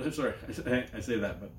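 A man, co-hosting a podcast and telling a long story in a loose, profane, animated way. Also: mid-range voice, moderate pace. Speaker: podcast co-host. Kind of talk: casual storytelling chat. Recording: echoey room.

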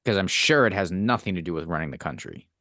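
A man's voice: low voice, lively intonation, fast talker, sharp tone, no room sound, clean studio sound. A man co-hosting a podcast in casual chat, blunt and dismissive, swearing often. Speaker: podcast co-host.

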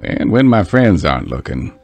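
A male voice actor doing an impression of a famous older male narrator, speaking slowly and grandly. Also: low-pitched, big pitch swings, a little mellow, slightly rough, faint music behind, voice pushed down, exaggerated voice. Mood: mock-serious. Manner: slow, stately, musing delivery. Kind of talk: comedy voice impressions.

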